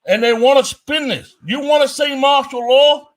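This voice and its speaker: A man's voice: very high-pitched, moderate pace. A man giving a heated, blunt commentary rant, swearing constantly and hammering his points. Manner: profane, blunt and emphatic.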